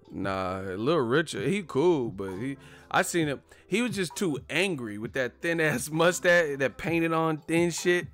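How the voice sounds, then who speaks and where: Man, host, casual comedic rant, lively swinging pitch, profane, faint music behind. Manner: profane, animated, laughing. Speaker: video host.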